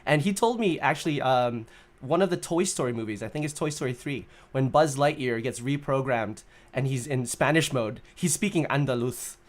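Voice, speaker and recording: A man's voice: mid-range voice, moderate pace. A man hosting a casual livestream chat, upbeat and chatty, often laughing. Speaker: livestream host.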